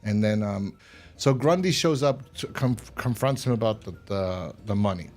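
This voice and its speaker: A man's voice: fairly low pitch, moderate pace, soft background music. Rambling man recapping a plot casually. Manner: rambling plot recap with frequent restarts and loud mock voices. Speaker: podcast co-host. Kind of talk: casual horror episode review chat.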